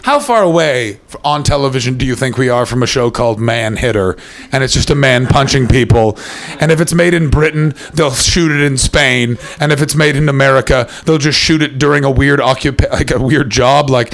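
Gravelly-voiced man telling stand-up stories. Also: medium pitch. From Canada. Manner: animated, acts out other people's lines in quick character voices. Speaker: stand-up comedian. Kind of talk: stand-up comedy storytelling. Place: stage before a live audience.

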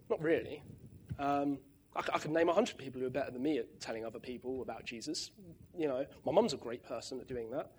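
A man preaching a conversational sermon, often checking in with "right?" and restarting his words, with lively bursts of emphasis. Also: fairly high pitch, slight background noise.

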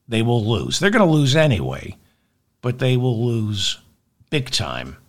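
Man, political news commentary, lively swooping pitch, unhurried delivery, emphatic, repeats points for effect. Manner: animated, acts out quoted lines in altered voices.

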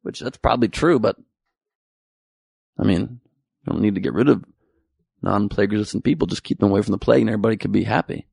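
A man's voice: lowish voice, quick pace, creaky, long pauses, a little mellow, slightly rough, no echo, studio quality. A man doing a stand-up comedy routine, rambling and sarcastic, with frequent profanity.

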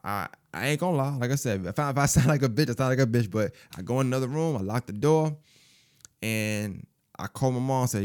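Animated man telling a story. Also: mid-range voice, fast talker. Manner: animated, profane, acts out quoted voices. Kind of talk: casual spoken storytelling.

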